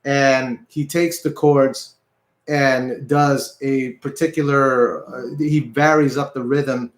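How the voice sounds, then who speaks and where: A man's voice: mid-range voice, fairly even intonation, takes it slowly. Male guitar teacher, mid-range voice, patient and repetitive, in an echoey room. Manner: patient, repeats himself, counts beats aloud. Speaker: music teacher. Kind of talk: online guitar lesson. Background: guitar playing.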